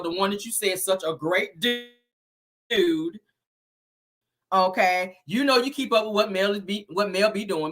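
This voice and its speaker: A woman's voice: medium pitch, fairly bright tone. A woman retelling a reality show in a casual, sassy way, full of slang and laughter. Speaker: show recap host.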